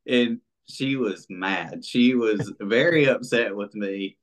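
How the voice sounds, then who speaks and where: A man's voice: mid-range voice, a little slow, few pauses. A man telling a hunting story in a casual interview, rambling with lots of fillers and acting out what people said. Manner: rambling and animated, many fillers, acts out quoted speech. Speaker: interview guest, bow hunter.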